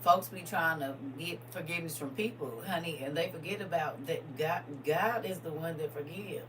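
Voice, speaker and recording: A woman giving casual spiritual advice in a folksy way, calling listeners baby and honey, shifting from hushed asides to loud emphatic bursts. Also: deep voice, moderate pace, background noise. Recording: voice a bit distant from the mic.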